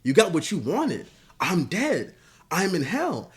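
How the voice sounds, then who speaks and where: A man voicing a smug, gleeful supervillain, taunting in a high, sing-song way. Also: huge pitch swings, slow pace, exaggerated voice. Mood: gloating.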